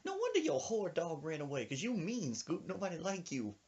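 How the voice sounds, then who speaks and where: A man voicing a feisty, hot-tempered older woman in a shrill shrieking falsetto, drawing out her threats. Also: huge pitch swings, brisk, a little mellow, slightly rough, highs cut off, full character voice. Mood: indignant.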